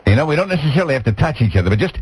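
Leering, animated radio host. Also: male voice, fairly high pitch, racing, a little hiss or hum, rough recording. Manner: leering, rambling storyteller with chuckles. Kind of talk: bawdy comedic radio talk. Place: radio studio. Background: music bed.

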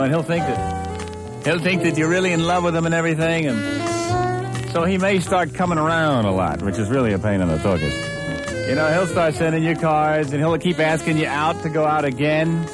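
A man delivering a playful comic advice monologue, acting out the scenes as he talks. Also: on the high side. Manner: animated, playful, acts out scenes. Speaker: comedian. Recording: music playing underneath.

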